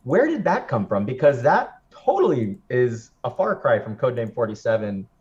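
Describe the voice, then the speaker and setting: A man hosting an interview, asking eager, lively questions over an online call. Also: mid-range voice, normal speed, muffled recording. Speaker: host.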